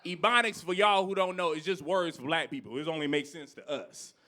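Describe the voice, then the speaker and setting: Fairly quick in his delivery, a stand-up comic in his thirties rants from a club stage, breaking into loud outbursts and then dropping to low asides.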